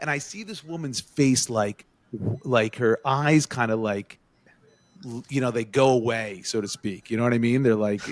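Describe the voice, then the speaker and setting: A man co-hosting a podcast relates a story to friends in a casual exchange, at a moderate pace and in a dry recording. When he quotes people, he acts the lines out animatedly with his pitch going up.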